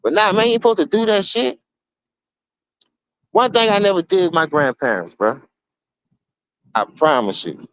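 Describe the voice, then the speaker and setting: A man with a New Orleans accent streaming an unscripted, profane rant to his listeners. He keeps calling them dog and bro, and he swings between low mutters and sudden high outbursts. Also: animated, moderate pace, pauses often, a bit bright, dry recording. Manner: repeats words, addresses listener as dog and bro. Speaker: streamer giving a spoken open letter.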